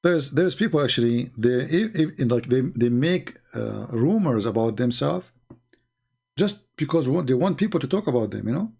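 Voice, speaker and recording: A man's voice: mid-range voice, lively intonation, normal speed, vocal fry, mellow, slightly rough. A man with a non-hosting a live stream, retelling debates and acting out what others said in a raised voice, often repeating words and restarting sentences.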